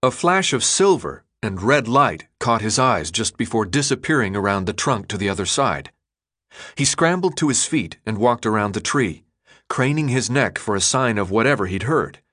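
A male audiobook narrator reading a novel. His delivery is expressive, with pitch moving lively through each sentence. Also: moderate pace, dry recording, clean studio sound. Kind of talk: scripted narration.

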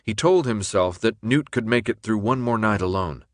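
A man reading a novel aloud in even, measured scripted narration. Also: fairly low pitch, dry recording, studio quality. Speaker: audiobook narrator.

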